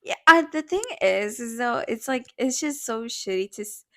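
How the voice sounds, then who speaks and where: Giggly young woman, higher voice. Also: expressive, normal speed, bright, forceful tone. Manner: laughs often, swears, rambling. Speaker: podcast co-host. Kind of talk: casual chat.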